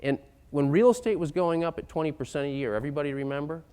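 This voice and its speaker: A man giving an emphatic lecture-style talk on economics, building to loud, insistent points. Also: fairly high pitch, fast talker, clear, resonant tone. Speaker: economic speaker.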